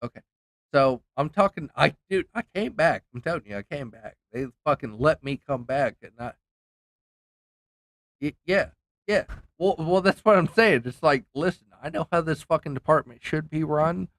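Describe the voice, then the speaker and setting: A man's voice: on the high side, expressive, normal speed, fairly bright tone, no room sound. Heated, swearing man on a dry mic. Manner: profane, heated, rambling with restarts. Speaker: game streamer. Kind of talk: casual ranting story while gaming.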